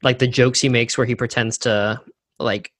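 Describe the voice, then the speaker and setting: A man's voice: medium pitch, fairly even intonation, normal speed, a bit bright, dry recording, studio quality. A man co-hosting a book podcast, talking casually and thoughtfully. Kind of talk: casual chat.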